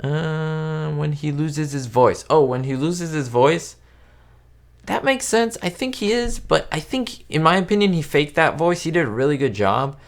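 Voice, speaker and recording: Speaking in a fairly high, expressive voice at an unhurried pace, a man hosts a casual live stream and answers viewers' questions. He rambles, using lots of fillers and restarting often, and the audio comes from a home webcam setup.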